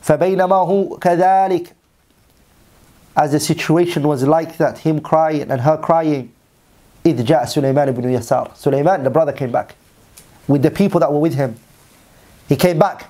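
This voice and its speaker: Fast-talking male Islamic teacher. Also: fairly high pitch, mellow. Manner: reads Arabic text then translates, repeating lines. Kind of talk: sermon storytelling.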